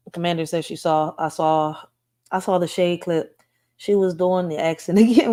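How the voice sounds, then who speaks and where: Slow-talking blunt woman reacting to news. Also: on the low side, fairly even intonation, warm tone. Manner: blunt, swearing, laughing asides. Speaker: host. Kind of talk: casual news reaction commentary.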